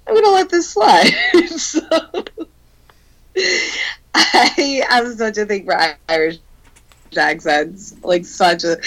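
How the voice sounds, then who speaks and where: A young adult woman telling a story in casual chat, animated, laughing often, swearing and peppering her talk with "like.". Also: lowish voice, poor audio.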